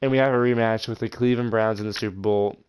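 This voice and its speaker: A young man hosting his gaming channel, commenting over football video game footage in an excitable way with frustrated outbursts. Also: lowish voice, quick pace, clear, resonant tone. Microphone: voice-over over gameplay.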